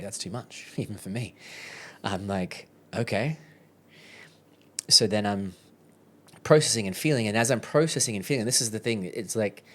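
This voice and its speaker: Aussie guy on a podcast, lowish voice, rambly candid storytelling, keeps going "i'm like", laughs a lot. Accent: Australian. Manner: chatty, often quotes his own thoughts with "I'm like", laughs often. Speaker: podcast guest.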